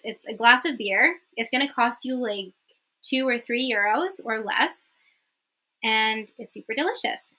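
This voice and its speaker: A young woman with a bright, sharp-edged voice pitched a little high. She teaches in a relaxed vlog style and chats through her points. She keeps pausing to ask "okay?". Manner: chatty, often checks in with "okay?". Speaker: language teacher. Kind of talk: casual vlog lesson.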